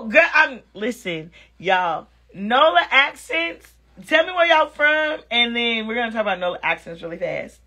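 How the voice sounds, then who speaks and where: A woman's voice: medium pitch, animated, a little slow, a bit bright. A woman hosting a casual livestream, talking frankly and with lots of energy, cursing freely and reading viewer comments aloud as she answers them. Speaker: live-stream host chatting with viewers. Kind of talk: casual live-stream chat.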